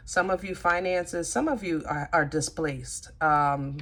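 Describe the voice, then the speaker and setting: A woman's voice: low-pitched, a little slow, a bit bright. A woman giving a casual tarot reading, thinking aloud and talking to her cards as she goes. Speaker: tarot reader.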